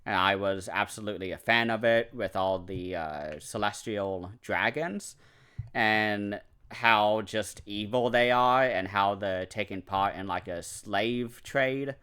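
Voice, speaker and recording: A man's voice: fairly low pitch, pushed and bright, clean tone. A man giving a casual, enthusiastic anime review, rambling with fillers and self-corrections.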